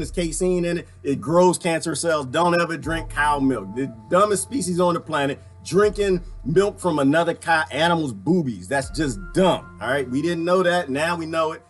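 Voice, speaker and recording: A man giving casual reaction commentary, animated and preachy, asking the same rhetorical questions again and again. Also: a little high.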